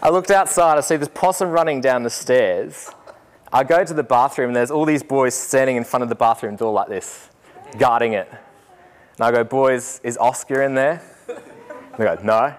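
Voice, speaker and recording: A man's voice: medium pitch, moderate pace, slight background noise. A young Australian man, a teacher giving a talk to an audience, telling a story with humor and acting out the voices he quotes.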